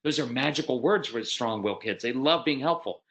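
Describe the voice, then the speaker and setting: A middle-aged American man speaks at a live parenting workshop. His delivery is direct and matter-of-fact, and he breaks into lively acted voices of parents and children to make his points. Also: medium pitch, highs cut off. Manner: animated, acts out parents and kids in quick voices.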